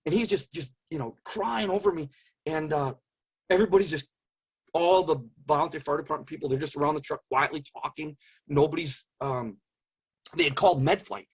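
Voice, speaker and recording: A man telling his own story as an interview guest, earnest and halting, often searching for words. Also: on the high side, breathy edge. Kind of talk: personal testimony in conversation.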